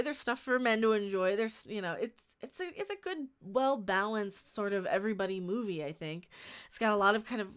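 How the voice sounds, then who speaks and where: A woman chats casually on a live stream, reading viewer comments and offering blunt opinions as she rambles, restarts often, and laughs. Her voice is medium-pitched, a bit bright, and smooth.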